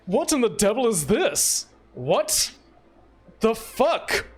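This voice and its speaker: A foul-mouthed half-elven man shrieks curses at the wreck of his house, as a man puts him on for a tabletop game. His voice jumps up high and swings wildly as he yelps. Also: very animated, slow pace, breathy edge, heavily acted. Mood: outraged. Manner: outraged swearing and yelping.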